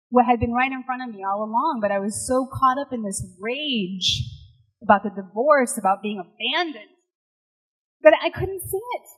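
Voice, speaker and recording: Bright high-voiced woman speaking in a hall. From Puerto Rico. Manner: emphatic and emotional, quoting others dramatically. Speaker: motivational speaker. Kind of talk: inspirational stage speech. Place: large hall before an audience. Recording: echoey hall with long reverb.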